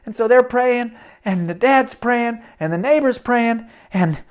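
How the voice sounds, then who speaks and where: Male children's storyteller, dramatic and animated, addresses young listeners. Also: extremely high pitch, unhurried, clear, resonant tone.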